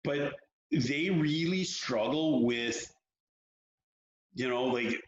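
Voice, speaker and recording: A man who coaches young hockey players, talking frankly and telling stories in an animated way during an interview. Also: medium pitch, very slow, long pauses. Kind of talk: candid interview talk. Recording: roomy, dull lo-fi sound.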